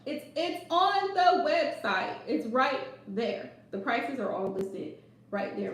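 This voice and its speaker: A woman's voice: high-pitched, animated, a little slow. A woman tarot reader chatting casually on a livestream, sarcastic and laughing often. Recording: echoey room, distant mic.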